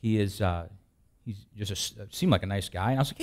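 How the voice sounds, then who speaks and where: A man's voice: lowish voice, brisk, a little mellow. A male pastor from the Midwest preaching a sermon in a folksy way, telling stories with jokes and asides. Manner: folksy, joking storyteller with asides and restarts.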